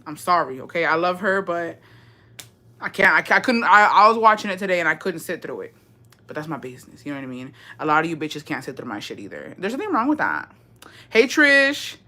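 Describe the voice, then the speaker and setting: Young woman, deep and a little raspy, bright edge to the tone, casual profane livestream chatter with Spanish slipped in. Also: sing-song, fairly quick. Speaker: livestream host. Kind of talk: casual livestream chat reading comments.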